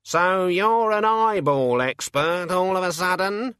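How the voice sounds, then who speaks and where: A man's voice: high-pitched, animated, slow pace, fairly bright tone, clean tone, dry recording, clean studio sound, voice pushed up, exaggerated voice. A man voicing a cheeky, defiant male raven who argues and boasts. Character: cocky, argumentative male talking raven.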